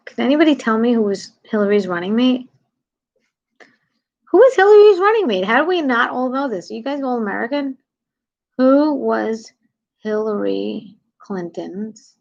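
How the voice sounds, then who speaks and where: A husky-voiced woman from New talks in a loose, animated livestream ramble. Her energy swings from loud bursts to hushed whispered asides. The sound is slightly dull and lo-fi, like a phone or webcam stream. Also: a little high, a little slow, pauses often. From New York City. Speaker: comedian livestreaming to viewers. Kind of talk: casual livestream chat.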